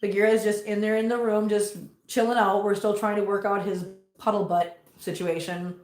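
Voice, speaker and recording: A woman hosting a casual livestream from home, chatting with viewers and cooing at her cats in a high sing-song voice. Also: level tone, normal speed, darkish tone, echoey room. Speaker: host. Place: home room full of cats. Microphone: laptop mic.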